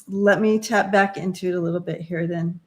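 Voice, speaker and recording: A woman doing tarot readings on a live stream, talking in a halting, searching way with many fillers while giving gentle advice. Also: on the low side, steady tone. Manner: encouraging, gives gentle advice. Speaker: tarot reader.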